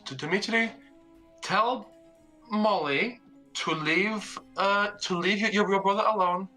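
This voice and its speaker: A man's voice: high voice, a little slow, sharp tone, faint music behind, voice pushed up, low-quality recording. A man voicing a nervous middle-aged woman who stammers heavily. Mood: pleading. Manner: heavy stammer.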